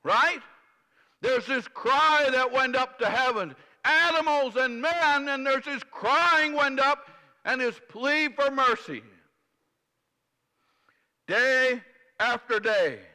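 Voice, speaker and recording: A man's voice: very high-pitched, takes it slowly, pauses often, sharp tone. A man preaching a sermon, often putting questions to his congregation and repeating phrases for emphasis. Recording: long reverb from a large hall.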